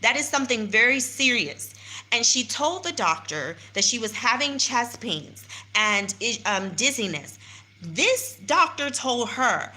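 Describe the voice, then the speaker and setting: A woman's voice: fairly high pitch, sing-song, measured pace, pushed and bright. Indignant woman vlogging from her phone. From United States. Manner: indignant, emphatic, repeats phrases for stress. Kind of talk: personal vlog recounting events to followers. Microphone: handheld phone without stabilizer.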